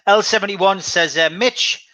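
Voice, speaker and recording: A man's voice: high-pitched, a little slow, pushed and bright, no room sound. A man hosting a casual football podcast, upbeat and enthusiastic as he reads viewer comments. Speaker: podcast host.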